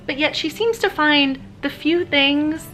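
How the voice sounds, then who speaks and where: A woman's voice: sits high, a little slow, a bit bright, faint music behind, poor audio. A woman keeping a casual video diary at home, chatting and gushing about the books she is reading and checking in on the time. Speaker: book vlogger.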